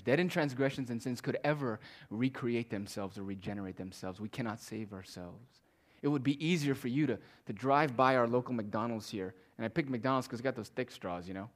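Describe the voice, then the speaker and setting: Man preaching a dynamic sermon. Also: medium pitch. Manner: preacherly, rising to emphatic declarations then dropping to hushed tones. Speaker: pastor.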